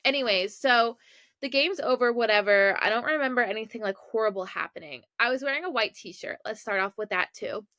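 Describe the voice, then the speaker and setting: Here the young podcast host from Maryland, USA, spins a casual story, mocking herself and wandering into lots of asides. She speaks briskly in a fairly high, pushed and bright voice, recorded at studio quality with no room sound.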